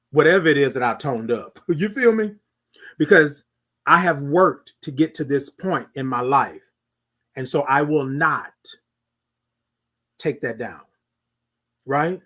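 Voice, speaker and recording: High-voiced man in lively casual monologue. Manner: animated, preachy, asks listeners "y'all feel me". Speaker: podcast host.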